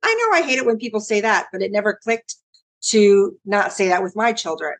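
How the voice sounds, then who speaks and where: Woman guest, mother, calm, matter-of-fact, mid pitch, conversational. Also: brisk. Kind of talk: conversational interview.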